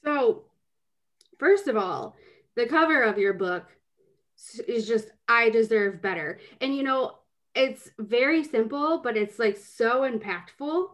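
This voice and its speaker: A woman's voice: fairly high pitch, expressive, measured pace, a bit bright. A woman co-hosting a casual podcast, chatty and rambling, with plenty of filler words as she asks questions. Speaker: podcast co-host.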